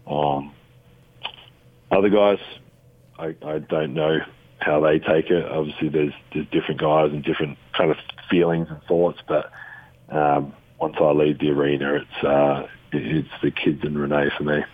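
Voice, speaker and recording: A man's voice: extremely low pitch, flat delivery, moderate pace, phone-quality sound. A man in his thirties with an Australian accent, chatting easygoingly as a guest on a radio show, rambling with fillers and restarts. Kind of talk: casual radio phone interview.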